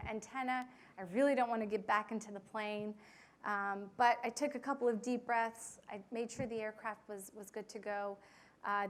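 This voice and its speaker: A young woman pilot telling a flying story to an audience, with frequent fillers and lively quoted voices. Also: a little high. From United States. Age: young adult. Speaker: pilot giving a talk.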